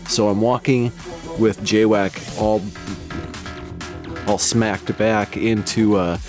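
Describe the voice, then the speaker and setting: A man's voice: on the low side, steady tone, slow pace, music in the background. A man with a West Coast American accent telling a story in casual chat, profane and rambling, laughing between lines.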